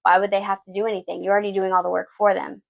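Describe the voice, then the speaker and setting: A woman's voice: medium pitch, level tone, racing, gravelly, lo-fi sound. A woman giving a tarot reading, blunt and preachy, swearing freely and asking "okay?" again and again. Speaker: tarot reader. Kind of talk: live tarot reading talk.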